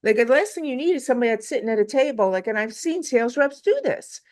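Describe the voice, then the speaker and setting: A woman speaking as a sales expert guest in casual conversation. Her voice sits a little high, and she hammers her points home with rhetorical questions. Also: lively intonation, fast talker, a little mellow. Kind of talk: casual interview chat.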